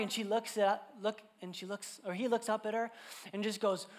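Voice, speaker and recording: A man in his thirties preaching a sermon to a church congregation, telling family stories in a casual, animated way full of fillers. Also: high-pitched, brisk. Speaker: pastor.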